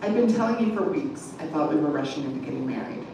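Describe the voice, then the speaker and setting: A woman's voice: sits low, expressive, fast, voice pushed down. A woman voicing an upset young man, echoey. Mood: defensive. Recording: echoey room from far off, background noise.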